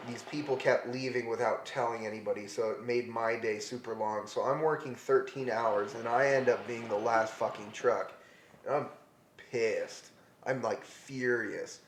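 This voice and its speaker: A man co-hosting a podcast, telling stories in casual chat and swearing freely. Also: mid-range voice. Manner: animated storyteller, swears a lot. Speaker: podcast co-host. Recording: echoey room with faint noise.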